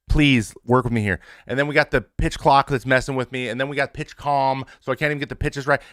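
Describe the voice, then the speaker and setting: A man in his thirties talks openly to his stream audience in a plain, mid-pitched voice. He swears freely and restarts his sentences often. The sound is dry and close, with no room around it. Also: a bit bright, no echo. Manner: frank and conversational, with restarts and swearing. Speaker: show host, former pitcher. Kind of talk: candid casual talk to a stream audience.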